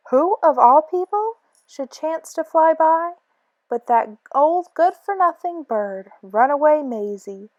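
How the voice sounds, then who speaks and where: Slow, rhythmic woman reading a storybook. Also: a little high, no echo. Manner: rhythmic, expressive rhyming delivery. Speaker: storybook reader. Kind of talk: children's book read-aloud.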